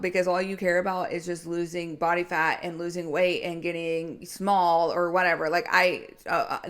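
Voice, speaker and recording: A young adult woman with a slightly low speaking pitch hosts a casual solo podcast on weight loss. She is candid and chatty, slipping into self-deprecating asides and laughing often as she talks. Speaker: health and weight loss coach, podcast host.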